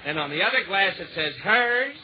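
High, lively man in old radio comedy. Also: moderate pace. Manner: playful, mock-innocent, deadpan punchlines. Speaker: comedian guest. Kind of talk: 1940s radio comedy banter. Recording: dull lo-fi 1940s radio recording with faint hiss.

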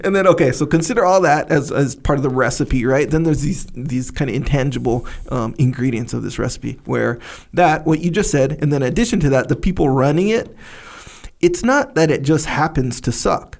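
A man co-hosting a podcast, chatting casually in an animated way, laughing often and calling his partner bro. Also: on the high side, a little fast, vocal fry. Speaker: podcast co-host. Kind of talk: casual chat.

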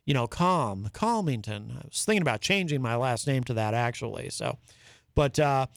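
A man's voice: mid-range voice, animated, moderate pace, gravelly, no room sound, studio quality. A man hosting a live talk show, chatting casually and reading viewer comments aloud. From New England, US. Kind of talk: casual live-stream chat.

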